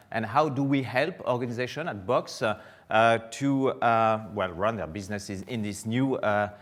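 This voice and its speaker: A middle-aged man with a French accent gives a keynote to a live conference audience. His pitch sits in the middle of the male range. He hesitates often and fills the gaps with "uh" as he talks. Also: a bit bright. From France. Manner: hesitant, many filler sounds. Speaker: conference speaker.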